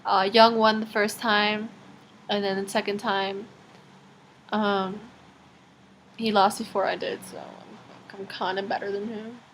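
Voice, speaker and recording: A woman's voice: mid-range voice, flat delivery, measured pace, pauses often, a bit bright, slight background noise. A teenage girl rambling through a casual video diary, chatty and full of fillers. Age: teens. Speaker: vlogger.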